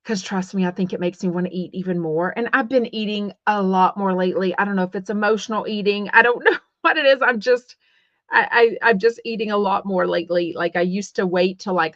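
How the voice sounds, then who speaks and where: A woman's voice: medium pitch, fairly bright tone, dry recording. Chatty Texan woman, dull dry sound. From Texas. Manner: chatty and rambling, many fillers and restarts. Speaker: podcast host. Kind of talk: casual livestream chat.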